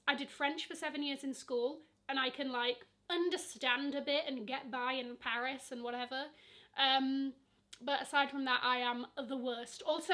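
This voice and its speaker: A woman's voice: high-pitched, pushed and bright. A young woman, chatting casually through a Q&A vlog with lots of fillers and playful asides. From Nigeria. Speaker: luxury vlogger.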